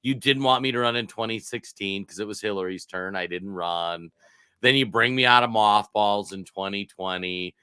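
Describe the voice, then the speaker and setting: A man's voice: fairly low pitch, moderate pace, sharp tone, clear, resonant tone, no room sound. A man impersonating a rambling aggrieved old politician. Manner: rambling, resentful first-person monologue. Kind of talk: comic political impression.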